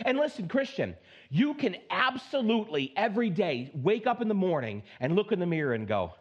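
High-voiced man preaching with emphasis. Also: sing-song, muffled recording. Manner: emphatic preaching, swinging between high exclaims and low, slow stresses; playful asides, mock self-talk. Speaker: pastor. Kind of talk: sermon.

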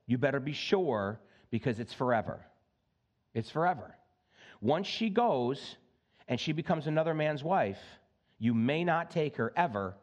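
A male pastor delivers a sermon with a voice that sits a bit high and moves freely across its range. He is animated, switching quickly between earnest teaching and playful asides. He speaks through a church sound system. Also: lo-fi sound.

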